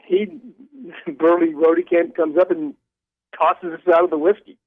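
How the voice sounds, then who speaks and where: An older man, a guest author, telling animated stories with stumbling restarts over the phone. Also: fairly high pitch, measured pace, dry recording. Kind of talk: storytelling in a phone interview. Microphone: telephone. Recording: tinny phone line.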